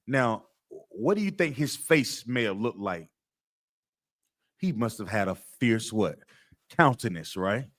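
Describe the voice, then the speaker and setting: A man's voice: lowish voice, expressive, measured pace, long pauses, fairly bright tone. A man leading a scripture class, quizzing his students with call-and-response questions and repeating himself to press a point. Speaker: class teacher.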